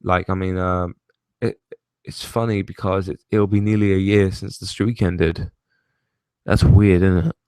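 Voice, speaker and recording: Young man, rambling casual talk, fairly low voice, dry close sound, casual swearing. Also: steady tone, unhurried, darkish tone, clear, resonant tone, no room sound. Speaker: host.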